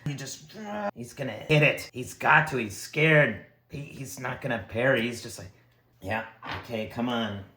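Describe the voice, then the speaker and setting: A man narrating his own solo tabletop game, excitable and talking to the dice and characters. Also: medium pitch, normal speed. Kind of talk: casual solo play narration. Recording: echoey room.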